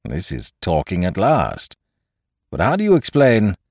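A man's voice: sits low, huge pitch swings, a little slow, no room sound, clean studio sound, full character voice. A man voicing a sulky, peevish middle-aged doctor who grumbles his lines. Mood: gruff. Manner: gruff, grumbling.

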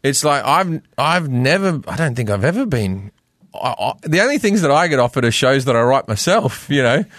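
A man's voice: medium pitch, sing-song, fairly bright tone, dry recording, studio quality. A middle-aged Australian man, a comedian, chatting casually on a podcast, rambling with lots of restarts and casual swearing. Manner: rambling, swears freely, stumbles and restarts, does quick accent impressions. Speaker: comedian guest.

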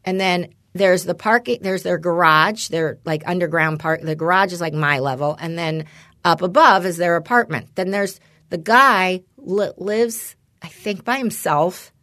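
A woman's voice: on the low side, measured pace, dry recording, clean studio sound. Rambling woman telling a casual story. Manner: rambling storyteller, animated when quoting others. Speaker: podcast co-host. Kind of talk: casual chat.

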